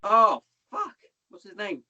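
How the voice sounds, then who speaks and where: A man's voice: high-pitched, huge pitch swings, slow, bright, forceful tone, no echo. A man, a podcast guest rambling through army anecdotes in casual chat, swearing a lot and calling the listener "mate". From Hereford, England. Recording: dull lo-fi podcast audio.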